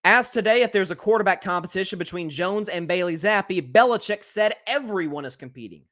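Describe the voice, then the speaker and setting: A man hosting a sports talk show, giving opinionated solo commentary in an animated way, with frequent restarts. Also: high-pitched, brisk.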